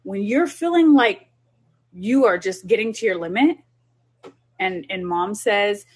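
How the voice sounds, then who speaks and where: Husky-voiced woman coaching parents. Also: medium pitch, animated, measured pace, a little mellow. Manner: earnest, instructive, speaks straight to parents. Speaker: child development specialist. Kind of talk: instructive group session talk.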